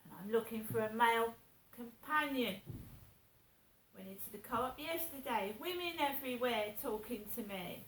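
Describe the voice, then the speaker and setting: A woman's voice: fairly high pitch, lively intonation, normal speed, a bit bright, far from the mic. A woman talking casually to her viewers in a rambling, indignant way, repeating herself. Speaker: vlogger. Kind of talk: casual monologue to camera. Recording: echoey room with faint hiss.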